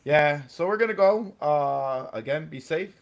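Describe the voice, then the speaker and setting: A man's voice: fairly high pitch, lively intonation, a little slow, gravelly. A man co-hosting a casual live podcast, playfully teasing his co-host and laughing a lot.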